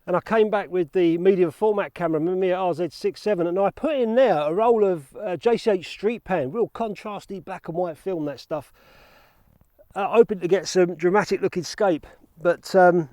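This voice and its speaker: A man's voice: high-pitched, normal speed, a little mellow, no room sound. A man vlogging casually outdoors in fields about film photography, chatty and self-deprecating, out of breath from cycling. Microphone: action camera.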